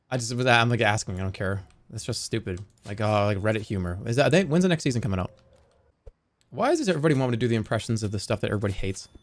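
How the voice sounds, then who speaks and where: A man livestreaming who chats casually and sarcastically, talking straight to his viewers. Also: mid-range voice. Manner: sarcastic, joking, talks straight to the chat.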